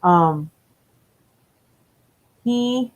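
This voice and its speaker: A woman's voice: on the low side, expressive, very slow. Rambling, profane woman. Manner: rambling, profane, self-correcting. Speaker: live streamer. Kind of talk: casual storytelling. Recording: dull lo-fi stream audio.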